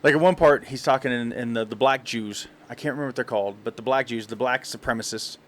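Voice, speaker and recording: A man's voice: mid-range voice, quick pace, a bit bright. A man co-hosting a podcast, telling a long story in casual chat and laughing often. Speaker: podcast co-host.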